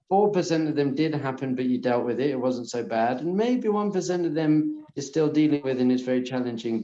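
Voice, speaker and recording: Earnest man teaching a class, mellow and roomy. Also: mid-range voice, lo-fi sound. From lives in Israel. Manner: earnest and encouraging, repeats phrases softly. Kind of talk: lecture to a live class. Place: lecture room with audience.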